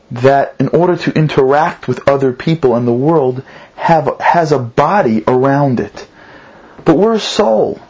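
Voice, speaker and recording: A man preaching through an animated story, repeating phrases for emphasis. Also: fairly high pitch, slightly rough, dull audio. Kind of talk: storytelling sermon.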